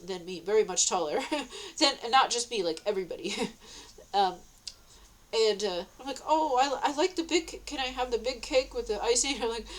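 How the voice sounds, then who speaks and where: A woman with a fairly high voice tells a long, wandering story straight to camera. She giggles between phrases, backtracks and restarts, and lifts into a sweet, bright high tone whenever she quotes herself. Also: poor audio. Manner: meandering, with many restarts and self-corrections. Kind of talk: rambling personal storytelling vlog.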